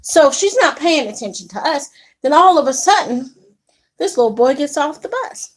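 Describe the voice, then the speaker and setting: High-voiced woman telling an indignant story. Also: normal speed. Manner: animated, indignant retelling with acted quotes. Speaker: vlogger. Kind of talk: casual storytelling to camera.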